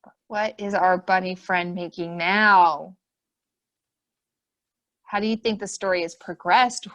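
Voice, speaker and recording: A woman hosting a children's webinar, reading a picture book aloud and asking young children lots of questions with excited gasps. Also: lowish voice, takes it slowly. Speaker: children's program host. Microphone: webinar computer mic.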